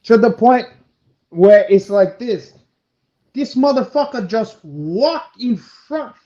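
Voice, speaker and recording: A man co-hosting a chat over a video call, telling an animated story with heavy swearing, restarts and loud acted-out quotes. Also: high voice, slow pace. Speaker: co-host. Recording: roomy, dull lo-fi stream audio.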